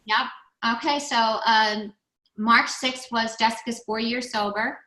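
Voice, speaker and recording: A woman's voice: fairly high pitch, steady tone, unhurried, bright, forceful tone. A middle-aged woman being interviewed about her recovery center, telling stories bluntly and animatedly, with frequent restarts. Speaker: guest, recovery center founder. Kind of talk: casual podcast interview. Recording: echoey room.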